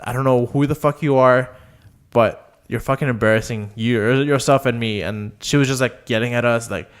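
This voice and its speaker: A man's voice: mid-range voice, steady tone, normal speed, clear, resonant tone. A young man, casually telling rambling stories on a podcast, full of fillers and quoted voices. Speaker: podcast co-host. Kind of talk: casual storytelling chat.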